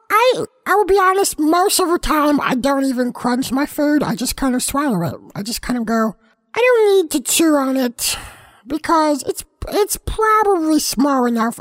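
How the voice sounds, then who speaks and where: A high-voiced, easily distracted house cat, played by a woman, talks through a comic monologue. She meanders, stops herself mid-thought and carries on with playful earnestness. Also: big pitch swings, measured pace, fairly bright tone, exaggerated voice. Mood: rambling.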